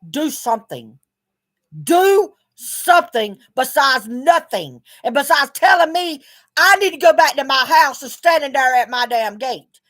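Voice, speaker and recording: A woman's voice: sits high, a bit bright. A middle-aged woman speaking bluntly in a video journal, swearing often as she vents her frustration. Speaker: vlogger.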